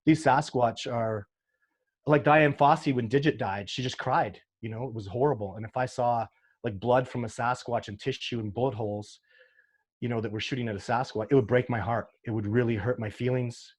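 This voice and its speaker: Man guest, earnest and heartfelt, rambling storyteller with many restarts, mid-pitched. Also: fairly even intonation, moderate pace, husky. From Canada. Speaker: sasquatch researcher guest. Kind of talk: casual interview talk.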